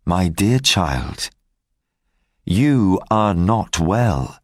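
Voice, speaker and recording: A kind, dignified gentleman speaks calmly and firmly, slightly low and unhurried, as a male reader voices him. The audiobook sound is close and dry. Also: no echo, exaggerated voice. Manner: calm, gentle and firm. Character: kind, respected older gentleman.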